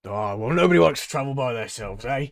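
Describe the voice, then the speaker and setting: A loud, beaming cat-folk tavern keeper, as a game master puts him on, hearty and pushy like a salesman drumming up recruits. The voice sits higher and louder than the man's usual talk, recorded close and dry. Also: lively intonation, fast talker, vocal fry, no echo. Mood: booming.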